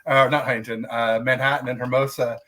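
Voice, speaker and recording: A man co-hosting a podcast, chatting casually and chiming in with quick asides. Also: medium pitch, flat delivery, sharp tone, slight background noise. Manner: conversational, chimes in with quick asides. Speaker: podcast co-host. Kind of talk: casual sports chat.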